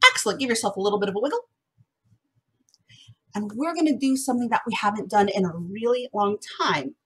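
A young adult woman teaching a remote music lesson to first graders in a bright, sing-song, encouraging voice that is slightly husky, recorded at home. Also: mid-range voice, expressive, fairly quick, long pauses, slight background noise.

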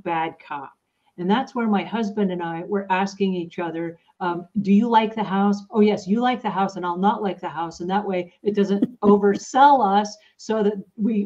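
A woman's voice: mid-range voice, a little mellow. Chatty woman host on a dull lo-fi line. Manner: chatty, lots of fillers, acts out quotes. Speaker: podcast host. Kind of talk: casual chat, storytelling. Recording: dull lo-fi sound.

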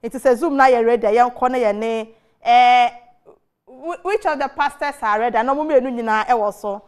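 Asking questions on her television talk show, a Ghanaian woman mixes English and Twi, leaning heavily on hesitant fillers. She speaks fairly quickly in a fairly high voice that sounds clear and resonant.

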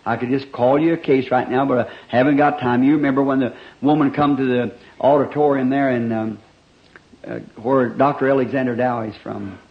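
A man preaching an old-time revival sermon, telling stories animatedly and swinging between loud emphasis and hushed asides, on a dull 1960s church recording. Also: mid-range voice, fairly even intonation, a little fast.

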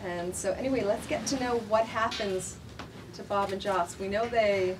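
A woman's voice: mid-range voice, moderate pace. Brief: friendly woman hosting a book reading, heard from far off in a noisy bookstore. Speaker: bookstore host introducing the author. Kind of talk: event introduction. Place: bookstore, indoors. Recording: distant mic, noisy bookstore.

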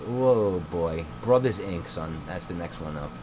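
A man's voice: low-pitched, measured pace. Young man ranting crudely over game audio. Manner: crude, mocking, slangy rant. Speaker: gameplay streamer. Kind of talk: profane ranting gameplay commentary. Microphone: noise-cancelling headset mic. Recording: steady background noise.

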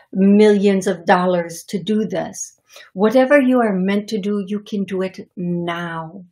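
Ascended spirit beings, slow and solemn with an odd ancient accent, voiced by a woman medium. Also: medium pitch, mellow, natural voice. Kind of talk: channeled spiritual message.

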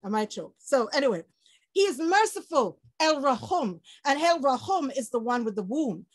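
A woman preaching an informal online sermon, lively and laughing often, acting out quoted people with sudden shouts and low murmurs. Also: moderate pace, no echo. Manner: quotes people in acted voices.

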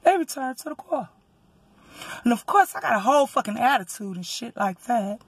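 A woman with a Southern US accent, a rideshare driver from Texas, telling a story in a profane, animated rant and loudly acting out what people said. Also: fairly high pitch, moderate pace, gravelly, slightly rough, no echo.

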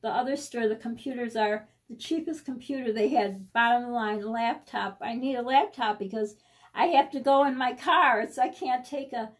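A middle-aged woman from the United States speaks casually in a personal vlog. Her voice sits high, and her talk is rambling and anxious, with many restarts. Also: normal speed. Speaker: vlogger.

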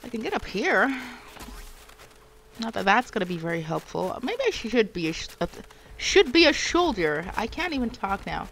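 A woman's voice: mid-range voice, sing-song, moderate pace, a bit bright, slight background noise. A woman streaming a video game, talking to herself as she plays and breaking into panicked shrieks when attacked. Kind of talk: live gameplay commentary.

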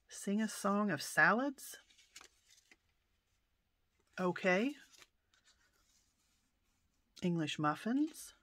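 A woman chatting through an unboxing of her mail haul, softly spoken, often exclaiming in delight and sometimes slipping into a whisper. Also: medium pitch. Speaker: vlogger showing a mail haul. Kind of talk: casual unboxing chat.

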